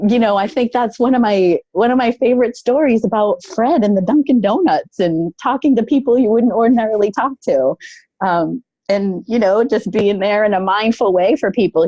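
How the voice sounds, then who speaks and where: Woman, casual storyteller, halting with fillers, dry close sound, dull lo-fi audio. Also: fairly high pitch, dark tone, dry recording. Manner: thoughtful, halting, with many fillers.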